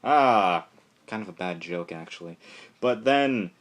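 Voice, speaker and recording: A young man talks through a comic issue in a loose, rambling way. His voice sits a bit low, and he keeps slipping into quick impressions of the characters. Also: lively intonation, fairly bright tone. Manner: rambling, lots of fillers, acts out characters' lines. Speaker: comic book reviewer. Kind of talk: casual solo review.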